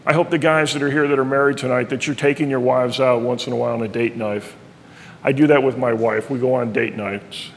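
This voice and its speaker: A man's voice: medium pitch, steady tone, fairly quick, vocal fry, in a large hall, slight background noise. A middle-aged man preaching a sermon as pastor, earnestly reading and explaining scripture.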